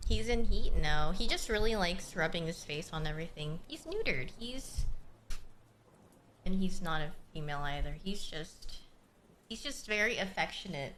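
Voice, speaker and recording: A woman's voice: fairly low pitch, lively intonation, normal speed, fairly bright tone, slight background noise. A young woman livestreaming in a casual, chatty way, answering her chat and cooing at her cat.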